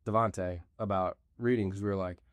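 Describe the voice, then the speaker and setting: A young man hosts a podcast in quick, easygoing chat, his voice a bit low and full of fillers. The sound is dry and close to the mic. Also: steady tone, smooth, dry recording. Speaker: podcast host. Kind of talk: casual chat.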